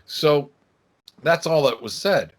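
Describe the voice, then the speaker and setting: A man's voice: fairly high pitch, slow pace. A man in his sixties telling stories casually as a podcast guest, acting out the dialogue of the people in them. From Michigan, USA. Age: 60s. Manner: lively storyteller who acts out quoted dialogue. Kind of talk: casual interview storytelling.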